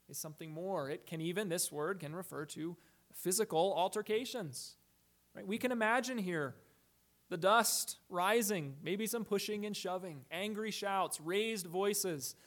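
A man with a notably high voice preaches a sermon from the pulpit. He speaks in a measured, deliberate way, leans on rhetorical questions, and stretches out key words for emphasis. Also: a bit bright. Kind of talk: expository sermon.

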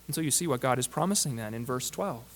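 A man delivering a sermon as a preacher, measured and emphatic, slowing down and dropping softly on key words. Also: medium pitch, expressive.

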